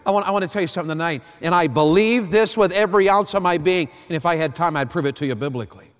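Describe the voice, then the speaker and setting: Pastor in his 50s, fairly high voice, preaching big in a reverby hall. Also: fast talker. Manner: animated preaching, swinging from hushed to loud. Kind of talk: sermon. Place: large church hall.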